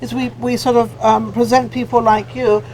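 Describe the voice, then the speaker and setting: A woman's voice: a little high, level tone, normal speed, a little mellow, slight background noise, low-quality recording. A middle-aged woman from England hosting a talk show, chatty and effusive, with a joking streak. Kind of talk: casual interview chat.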